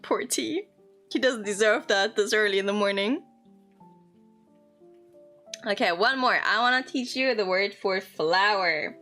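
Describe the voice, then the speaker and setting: Over faint background music, a young woman streamer teaches Japanese words in a casual, playful live-stream chat, dropping the odd swear word. Her mid-range voice sounds pushed and bright, moving a little slowly with long pauses.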